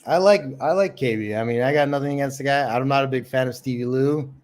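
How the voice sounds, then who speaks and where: A man's voice: medium pitch, fast talker, darkish tone. A man hosting a casual livestream chat, rambling with lots of fillers. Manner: rambling, many ums and likes. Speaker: livestream host.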